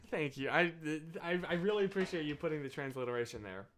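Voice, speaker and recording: A young American man hosts a casual live stream and talks straight to his viewers. His voice sits a bit high for a man. He drifts from tangent to tangent, cuts himself off mid-thought and keeps apologizing for it. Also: a bit bright, a little hiss or hum. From United States. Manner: rambling, self-interrupting, apologetic asides. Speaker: livestream host.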